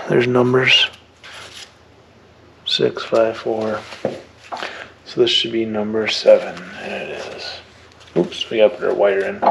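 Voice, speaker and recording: A young man explaining an engine rebuild step by step as he works, thinking aloud in a plain, relaxed way. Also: fairly low pitch, creaky, noisy background. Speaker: mechanic rebuilding a diesel engine. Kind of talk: hands-on how-to narration.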